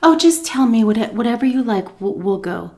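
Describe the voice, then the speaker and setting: A woman's voice: on the high side, expressive, normal speed, darkish tone, slight background noise, voice pushed up. A woman voicing a sugary-sweet woman who talks with overly nice politeness, in a syrupy, falsely sweet manner.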